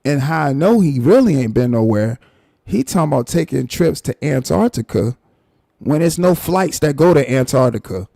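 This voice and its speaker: A man rants on his live stream, mocking and animated. His voice is dark and gravelly. The sound is dry and close. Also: on the high side, moderate pace, no echo. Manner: animated, mocking, repeats himself. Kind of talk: casual commentary rant.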